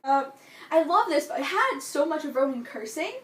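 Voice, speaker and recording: A young adult woman reviewing a book in casual vlog talk, gushing and excitable, full of "like" and "you know". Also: sits high, moderate pace. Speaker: book vlogger. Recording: echoey room, distant from mic.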